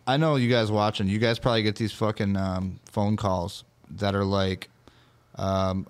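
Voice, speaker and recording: A man's voice: on the low side, fairly even intonation, moderate pace. A man from Michigan co-hosting a podcast, chatty and joking with lots of profanity. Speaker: podcast co-host. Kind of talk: casual chat.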